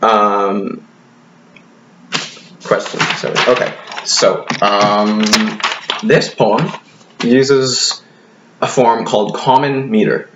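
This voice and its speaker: A man's voice: fairly low pitch, fairly even intonation, very slow, pauses often, roomy sound, lo-fi sound, background noise. A man teaching a recorded poetry lesson, talking hesitantly with many ums and restarts, and now and then apologizing. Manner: apologetic asides.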